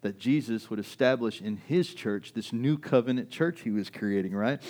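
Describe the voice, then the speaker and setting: A man's voice: mid-range voice, moderate pace, few pauses, darkish tone. A man preaching a sermon as pastor, impassioned, often asking rhetorical questions and repeating words as he builds his point.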